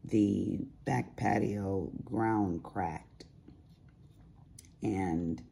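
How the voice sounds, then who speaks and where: A woman's voice: very deep voice, gravelly, dark tone, slight background noise. A middle-aged woman chatting casually while crafting at home, telling sassy stories with big swings in her voice. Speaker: crafting vlogger.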